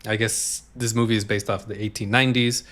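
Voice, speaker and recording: A man's voice: fairly low pitch, flat delivery, fast, a bit bright. A man co-hosting a casual film podcast, laid-back and slangy. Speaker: podcast co-host.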